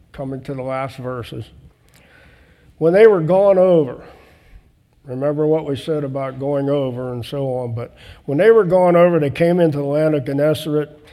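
In a long, reverberant hall, a man with a mellow, slightly high voice gives a conversational sermon teaching from the Bible. He reads scripture aloud and then explains it plainly and casually, restarting now and then.

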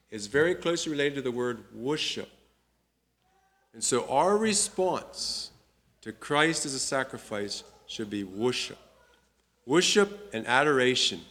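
A man teaching a Bible study, unhurried and reading scripture aloud with emphasis. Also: medium pitch, fairly bright tone.

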